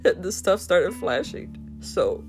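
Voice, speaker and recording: Woman host, slow and low-pitched, emotional and profane personal storytelling, faint guitar music underneath. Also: very animated. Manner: raw, emotional, heavy swearing. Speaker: podcast host.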